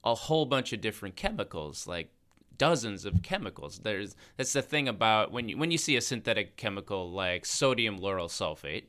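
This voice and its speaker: A man co-hosting a beauty science podcast, explaining ingredients in a relaxed, thinking-aloud way. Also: on the low side, normal speed. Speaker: podcast co-host, cosmetic chemist. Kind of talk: casual science podcast chat.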